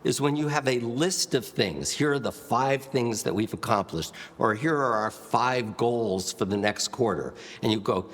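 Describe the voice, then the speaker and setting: A man teaching public speaking, emphatic and asking rhetorical questions, shifting his loudness and pace to demonstrate. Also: mid-range voice, unhurried, few pauses, in a large hall. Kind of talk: spoken lesson with live demonstrations.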